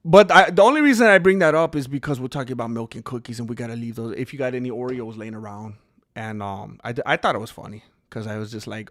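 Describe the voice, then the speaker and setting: A man's voice: mid-range voice, fast. A man chatting casually on a live stream, reading out supporters' names and telling a rambling story with lots of restarts and laughs. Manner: animated, rambling, laughs a lot, many restarts.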